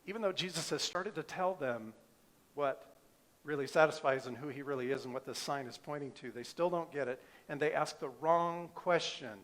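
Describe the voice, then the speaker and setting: A man's voice: on the high side, moderate pace, a bit bright. A middle-aged male pastor preaching a sermon, emphatic, asking the congregation rhetorical questions.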